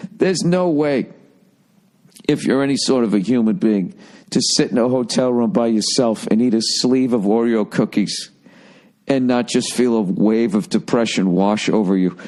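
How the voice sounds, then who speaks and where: A man's voice: medium pitch, moderate pace, darkish tone. A man in his forties, a podcast host, telling a loose, profane and self-deprecating comic rant that rambles and restarts mid-sentence. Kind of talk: casual comedic rant.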